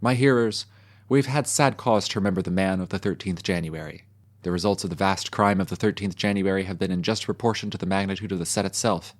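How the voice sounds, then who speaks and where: A man's voice: low-pitched, fast talker, close to an everyday voice. A man voicing a solemn male French preacher delivering an eloquent sermon. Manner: solemn, oratorical.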